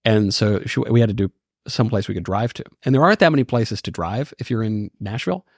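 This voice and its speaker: A man's voice: fairly low pitch, quick pace, no echo, clean studio sound. A man in his thirties, a podcast guest telling stories in casual, joking chat. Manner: lively, joking, lots of restarts.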